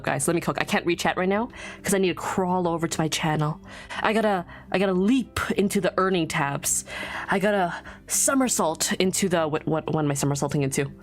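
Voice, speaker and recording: A young adult woman livestreaming as a VTuber, chatting casually with her viewers, rambling and thinking aloud and laughing often. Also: lowish voice. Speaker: VTuber streamer.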